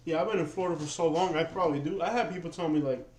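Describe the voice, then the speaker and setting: A man with a New York-tinged accent hosts a laid-back livestream, chatting to viewers in a rambling, relaxed way with frequent restarts. His voice sits a bit high for a man and rings in a roomy, echoey room. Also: very fast. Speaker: livestream host. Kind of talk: casual livestream chat. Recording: roomy echo.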